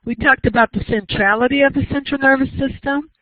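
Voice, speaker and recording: A woman lecturing to a class, explaining each idea patiently and often pausing to ask whether everyone follows. The recording is dry and thin, with a narrow, phone-like sound. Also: sits high, dry recording. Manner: explanatory, checks understanding with frequent questions. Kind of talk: university lecture.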